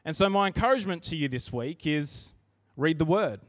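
A man's voice: a little high, lively intonation, moderate pace, dry recording. A man preaching a sermon in church, earnest and conversational, often restarting his sentences.

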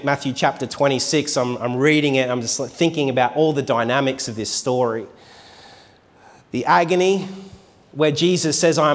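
A pastor giving a conversational sermon, reading scripture aloud and stumbling over words now and then. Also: male voice, medium pitch, long reverb tail. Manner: conversational, reads scripture aloud with restarts and self-corrections.

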